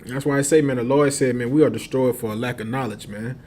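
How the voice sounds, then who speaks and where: A man's voice: medium pitch, steady tone, fast talker, darkish tone, slight background noise. A man telling a long street story in casual slang, laughing often and acting out the other voices.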